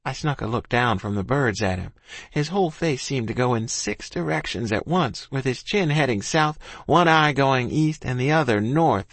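A man's voice: medium pitch, a bit bright, dry recording. A man narrating a first-person story in a folksy rural dialect. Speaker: audiobook narrator.

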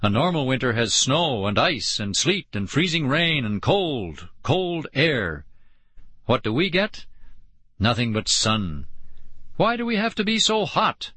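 Slow, expressive male audiobook narrator. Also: medium pitch, husky, no room sound. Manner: expressive, with voices for each character. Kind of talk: scripted narration.

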